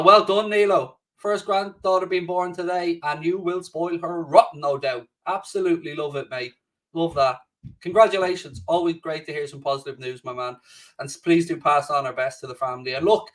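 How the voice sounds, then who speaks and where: A man's voice: a little high, a bit bright, distant mic. A man hosting a casual live stream at home, chatting loosely, swearing freely and reading out viewer comments. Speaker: livestream host. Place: home studio.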